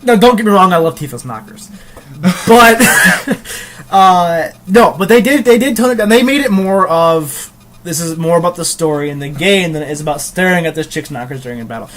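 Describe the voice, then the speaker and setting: Young guy host, rambling and crude, fairly high voice, casual game review banter. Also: expressive, moderate pace, fairly bright tone. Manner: rambling, frequent ums and restarts, crude jokes.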